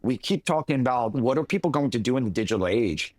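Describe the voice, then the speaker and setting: A man's voice: mid-range voice, animated, quick pace, darkish tone, no echo. A man co-hosting a podcast in casual chat, telling a story in a rambling way with restarts. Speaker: podcast co-host.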